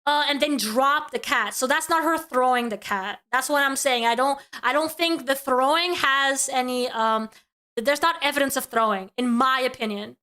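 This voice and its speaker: Animated high bright woman streamer. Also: moderate pace, clean tone. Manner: animated, repeats words when worked up. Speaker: reaction streamer host. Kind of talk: live reaction commentary.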